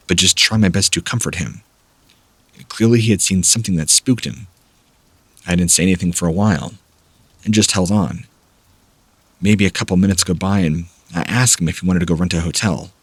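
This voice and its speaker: A man reading first-person scary camping stories aloud as a measured, steady narrator. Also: deep voice, breathy edge, no room sound. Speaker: horror story narrator.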